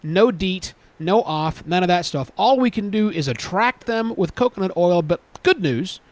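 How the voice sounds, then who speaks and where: A man's voice: sits high, expressive, moderate pace, no room sound. A man co-hosting a podcast, chatting casually with wry, joking remarks. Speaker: podcast co-host. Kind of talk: casual chat.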